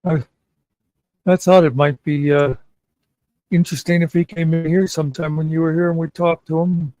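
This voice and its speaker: A man's voice: on the high side, steady tone, moderate pace, warm tone, dry recording, dull audio. A man hosting a casual chat show, rambling and meandering with many fillers. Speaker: podcast host.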